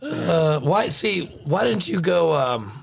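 A man's voice: on the high side, very animated, slow, vocal fry, slightly rough. A man hosting a casual podcast chat, joking loosely and swearing while swapping old service stories. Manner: loose, joking banter with profanity.

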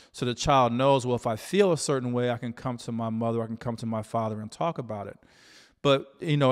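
A man talking alone to his audience as a relationship coach, in a measured, reflective way with many "you know" fillers. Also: medium pitch, big-room sound. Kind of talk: solo talk to camera.

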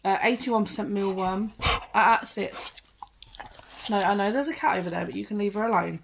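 Casual woman vlogger, mid-range voice, talks through a pet unboxing and gives her dog quick commands, noisy phone audio. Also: medium pitch, vocal fry. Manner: chatty, reads ingredient lists aloud and gives her dog short commands. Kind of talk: casual chat while training her dog.

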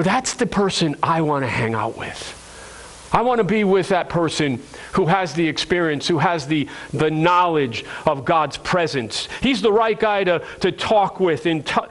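A man's voice: on the high side, fairly bright tone, rough recording. A male pastor preaching a sermon to his congregation, earnest and repeating phrases for emphasis, calling listeners friends.

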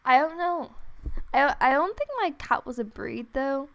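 Young woman gamer, high gravelly voice, unhurried, gushing and gasping over a game. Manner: gushing, gasping and laughing, near tears with excitement. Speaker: gaming vlogger. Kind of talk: excited gameplay commentary. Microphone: desktop USB microphone.

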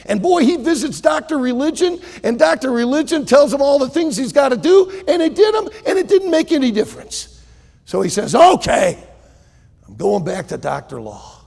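A male pastor preaching a sermon, telling a story and swinging between hushed and loud delivery. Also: very high-pitched, expressive, fairly quick, vocal fry, long reverb tail.

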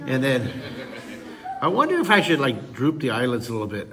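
A man's voice: medium pitch, sing-song, brisk, far from the mic. A middle-aged man teaching a drawing lesson in a playful, goofy way, full of teasing jokes, with an audience of kids behind him. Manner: goofy, teasing, jokey asides.

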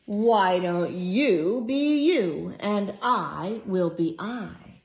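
A woman voicing a gentle, thoughtful young male lion who writes poems, speaking softly and earnestly. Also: mid-range voice, expressive, very slow, slight background noise.

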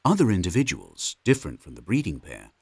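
A man narrating a wildlife documentary in a measured, informative scripted delivery. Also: low voice, huge pitch swings, a little hiss or hum.

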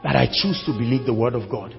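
A man preaching a sermon, switching between fiery shouts and hushed tones. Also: mid-range voice, fast, gravelly, lo-fi sound. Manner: fervent, shouting and dropping to hushed tones, acting out quoted voices. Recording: large hall reverb with faint music.

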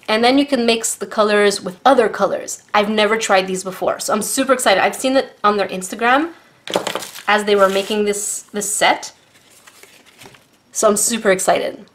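Bubbly young woman excitedly unboxing art supplies. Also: on the high side, a little hiss or hum. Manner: excitable, bubbly, giggly, repeats herself. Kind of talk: casual unboxing and product demo.

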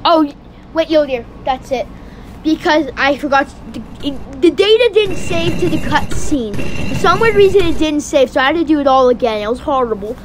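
A woman's voice: sits high, normal speed, background noise. A woman chatting casually and self-deprecatingly between lines while reading a fan dub.

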